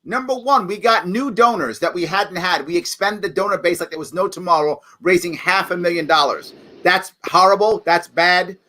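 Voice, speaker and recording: A man with a high-pitched, bright voice. He talks bluntly and combatively as a candidate, punching his points home, heard over a video call. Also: normal speed, hardly any pauses. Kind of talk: lively campaign talk.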